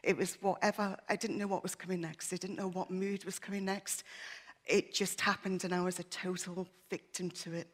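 A woman's voice: fairly low pitch, flat delivery, moderate pace. Emotional woman sharing testimony in church. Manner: earnest, emotional, with many fillers. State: shaky with emotion. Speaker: church member giving testimony.

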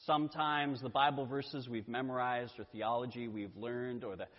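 A male pastor preaching a sermon in a deliberate way, with dramatic pauses. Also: mid-range voice, steady tone. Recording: dull sound with long church reverb.

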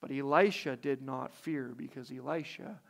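A man's voice: medium pitch, normal speed, gravelly. Reflective male preacher, rhetorical questions. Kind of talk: sermon.

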